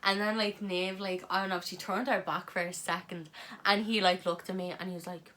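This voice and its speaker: A woman's voice: fairly low pitch, level tone, fairly quick, bright, forceful tone. A young woman telling a story in a casual vlog chat, blunt and swearing freely. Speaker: vlog co-host.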